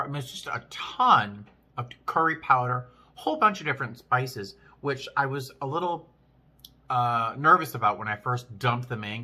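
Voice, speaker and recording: A man casually vlogging while eating, chatting with frequent restarts and pauses to chew. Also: mid-range voice, pushed and bright, slightly rough. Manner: chatty, chewing between sentences; rambling with many restarts. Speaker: vlogger, flight attendant.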